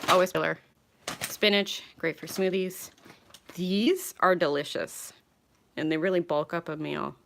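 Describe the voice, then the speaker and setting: This Canadian vlogger, a woman in her thirties, has a low, creaky voice that's a bit bright, with a little hiss or hum in the recording. She unpacks groceries at home while chatting casually on a live vlog, wandering between rooms, rambling and apologizing in a self-deprecating way.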